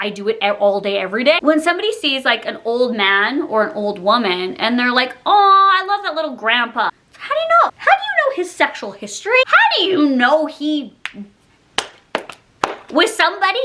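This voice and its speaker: A young Canadian woman vlogging casually to her viewers, chatty and animated, laughing often and saying "like" a lot. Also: sits high. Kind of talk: casual ranting chat to camera.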